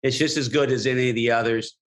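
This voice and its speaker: A man in his fifties, a guest in a casual interview, talking in a laid-back, wry, deadpan way. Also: mid-range voice, quick pace.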